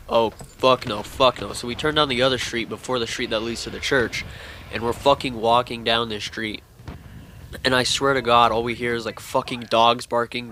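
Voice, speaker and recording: A man's voice: medium pitch, sharp tone, a little hiss or hum. A young man telling a spooky story to camera in a rambling, casual way, swearing constantly. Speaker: vlogger telling a scary story.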